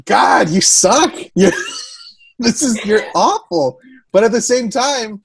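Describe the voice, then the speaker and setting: A woman's voice: fairly high pitch, lively intonation, slow, vocal fry, husky, no echo. A woman co-hosting a podcast, chatting casually about a movie, laughing often and teasing playfully. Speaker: podcast co-host. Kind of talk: casual movie review chat.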